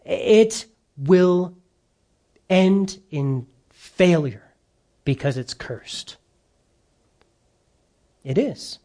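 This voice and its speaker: A pastor delivering a sermon at an unhurried pace. He speaks earnestly and with emphasis, rising in pitch on points he wants to land and stretching out key phrases. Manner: earnest, emphatic, with lively rises and drawn-out slow phrases.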